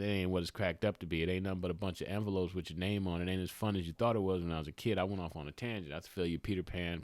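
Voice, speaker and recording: A middle-aged man hosting a podcast, talking in a motivational monologue, animated, with loud peaks and hushed asides. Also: low voice, no room sound. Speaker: podcast host.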